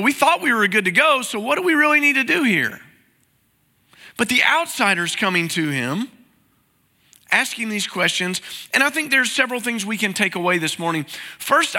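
A man's voice: sits high, bright, forceful tone, long reverb tail. A man preaching a sermon as pastor, in a conversational style full of rhetorical questions, recorded in a church sanctuary.

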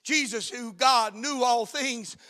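A man preaching a sermon, swinging from shouted peaks down to hushed, near-whispered lines. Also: very high voice, slow pace, big-room sound. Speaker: pastor.

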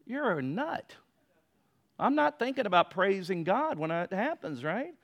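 A man preaching a sermon in a high, bright voice. He swings between loud, emphatic declarations and quieter, slower passages. His delivery is dynamic and pastoral. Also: sing-song.

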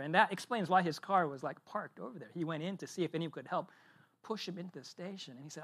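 A man's voice: fairly high pitch, fast, a bit bright, husky. Male pastor telling a story casually. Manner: casual storytelling with many fillers and tag questions. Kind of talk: sermon with a personal story.

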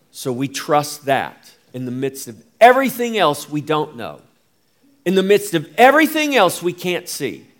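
Slow, emphatic male preacher. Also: medium pitch. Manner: slow, emphatic preaching with rising and falling delivery. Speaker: pastor. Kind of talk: sermon.

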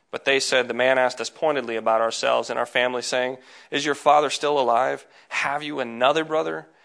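A man reading scripture aloud in a measured, plain way, now and then adding a brief aside. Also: medium pitch, creaky, a bit bright. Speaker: scripture reader.

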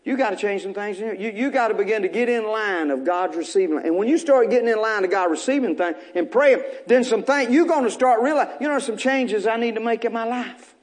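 High-voiced preacher man. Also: fast, few pauses. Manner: call-and-response preaching, repeating short phrases to the congregation; folksy, joking asides. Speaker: pastor. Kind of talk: sermon.

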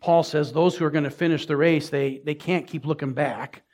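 A man's voice: fairly high pitch, steady tone, normal speed, a little mellow. A man preaching a sermon as pastor, speaking conversationally with asides to the congregation and rising emphasis. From Minnesota.

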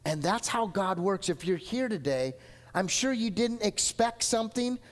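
Male pastor, high-pitched, animated preacher acting out voices, reverberant church. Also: normal speed. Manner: animated storytelling, acts out quoted voices. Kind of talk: sermon. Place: church sanctuary. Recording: long hall reverb.

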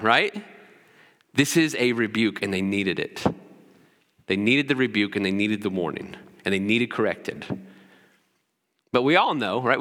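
A man's voice: mid-range voice, pushed and bright, big-room sound. A man preaching a sermon as pastor, often checking in with "right?" as he teaches. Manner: preaching with frequent "right?" asides.

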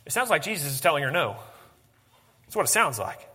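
A man preaching a sermon, swinging from animated emphasis to hushed, intense lines. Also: fairly high pitch, fairly quick, breathy edge, in a large hall. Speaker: pastor.

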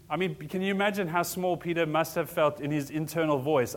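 A man's voice: fairly high pitch, steady tone, fairly quick, hardly any pauses. A man preaching a sermon in an earnest, conversational way, asking the congregation questions as he goes. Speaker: pastor.

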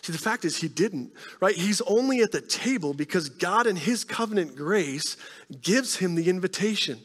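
A man preaching a sermon in a conversational way, often checking in with the congregation with quick questions. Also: sits high, lively intonation, a bit bright, big-room sound. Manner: conversational preaching, frequent "right?" tag questions. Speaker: pastor.

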